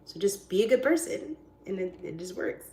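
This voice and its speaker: A woman's voice: medium pitch, expressive, moderate pace, a little mellow. A woman realtor chatting casually on a live stream, goofy and rambling in a silly, friendly way. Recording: roomy echoey sound.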